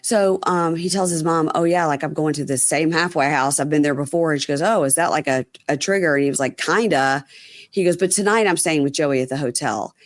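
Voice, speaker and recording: A woman's voice: low-pitched, brisk, dry recording, studio quality. A woman hosting a casual podcast, recapping a reality episode and acting out people's lines, with frequent ums and swearing. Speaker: podcast host.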